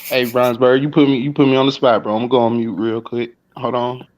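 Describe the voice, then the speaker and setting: A man's voice: medium pitch, level tone, fast, darkish tone. A man hosting a casual online stream chat, slangy and playful, laughing often over a voice call. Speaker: stream host.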